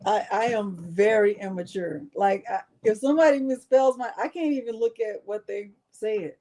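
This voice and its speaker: A woman with a warm, medium-pitched voice hosts a live crafting stream at normal speed. She's chatty and playful, poking fun at herself and talking straight to her viewers.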